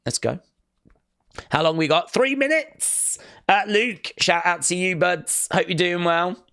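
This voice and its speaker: A man's voice: sits high, measured pace, bright, forceful tone, smooth, no echo, clean studio sound. A man hosting a casual live watch-along stream, chatting loosely and reading viewer comments aloud.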